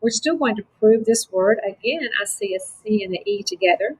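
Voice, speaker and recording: A woman teaching a phonics lesson to children, slow, patient and encouraging. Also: medium pitch, lively intonation, slightly rough, poor audio.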